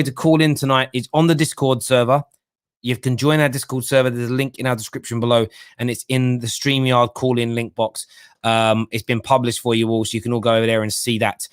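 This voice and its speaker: A man's voice: mid-range voice, no echo, clean studio sound. A man hosting a live football call-in show, chatting and reading out viewer comments. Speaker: host.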